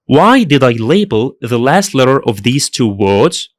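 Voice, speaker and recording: Man, language teacher, slow careful delivery, animated pitch, dry close sound. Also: dry recording. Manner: slow, careful, repeats each sound twice. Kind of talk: scripted lesson narration.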